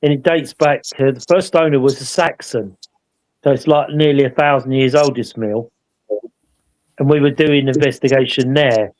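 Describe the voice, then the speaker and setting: This live show co-host, a paranormal investigator, casually rambles through an investigation story, often slipping in tag questions to get people to agree. In a rough recording, his voice comes across medium-pitched, steady, a little mellow, and moderately paced.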